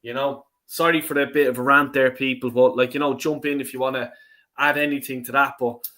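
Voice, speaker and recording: A man ranting, bright and sweary. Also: medium pitch, little pitch movement, brisk. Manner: angry, sweary, stammering restarts. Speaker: fan channel host. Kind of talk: ranting podcast chat.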